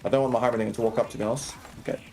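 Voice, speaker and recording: A man's voice: mid-range voice, steady tone, darkish tone, faint music behind. A young man streaming and coaching a video game, explaining each move and checking in with viewers as he plays. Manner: quick, explanatory, keeps checking in with "right?" and "okay?"; laughs and banters with chat. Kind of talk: live gameplay commentary.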